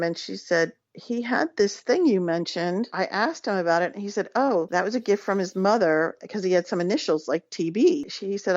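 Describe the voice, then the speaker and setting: Woman, lowish voice, chatty storyteller, laughs a lot, dull dry radio sound. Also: no echo. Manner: chatty, laughs often, acts out clients' voices. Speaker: psychic guest. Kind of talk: casual radio interview storytelling.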